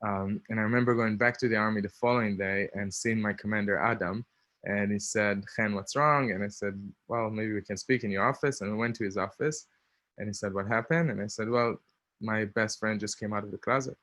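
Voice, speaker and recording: A man's voice: on the low side, steady tone, brisk, a bit bright, no echo. A man in his thirties with an Israeli accent, telling a personal story casually, with many ums and little laughs. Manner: chatty, many ums, laughs between lines. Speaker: speaker.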